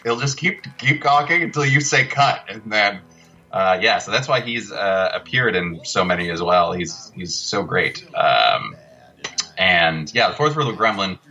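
A man's voice: lowish voice, bright, forceful tone, highs cut off. A man, a guest filmmaker, telling loose, laughing stories in a casual interview.

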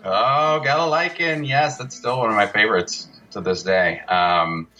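A man's voice: fairly low pitch, a little slow, pushed and bright, muffled recording. A man, a guest filmmaker, telling loose, laughing stories in a casual interview.

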